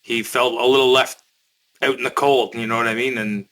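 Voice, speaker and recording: A man with a mid-range voice chats on a gaming podcast. He speaks calmly and in an understated way, weighing what he says. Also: mid-range voice, fairly quick. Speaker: podcast co-host. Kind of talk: casual chat.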